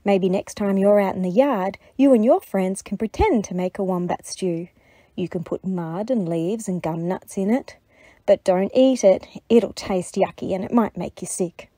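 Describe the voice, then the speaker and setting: A woman reading a picture book aloud to children, gentle and expressive. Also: medium pitch, dry recording. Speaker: storybook reader. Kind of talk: children's read-aloud narration.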